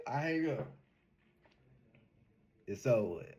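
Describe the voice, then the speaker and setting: A young man telling a casual storytime in an animated, slangy way, laughing often. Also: medium pitch, takes it slowly, breathy edge. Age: young adult. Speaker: vlogger.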